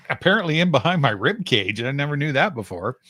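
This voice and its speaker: Lively, bright-voiced male co-host. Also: fairly quick, breathy edge, dry recording, clean studio sound. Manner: animated, acts out his own reactions with big pitch jumps. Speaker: radio show co-host. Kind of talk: casual talk radio chat.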